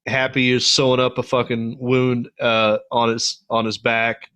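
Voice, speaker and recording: A middle-aged man co-hosting a podcast, casually and profanely retelling movie scenes with lively voices. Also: medium pitch, unhurried, smooth. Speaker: podcast co-host. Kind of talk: casual movie review chat.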